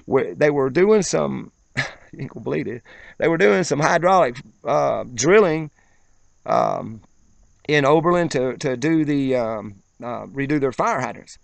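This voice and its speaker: A man's voice: medium pitch, expressive, unhurried, gravelly, no room sound. A man telling a long personal story in a rambling, colloquial way, with plenty of profanity. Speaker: vlogger. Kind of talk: casual storytelling. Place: outdoors, then moving inside as rain starts.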